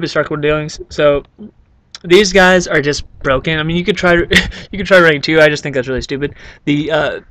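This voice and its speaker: A man's voice: a little high, a bit bright, no room sound. A man casually explaining his card game deck, rambling and joking with many fillers. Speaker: YouTube card game creator.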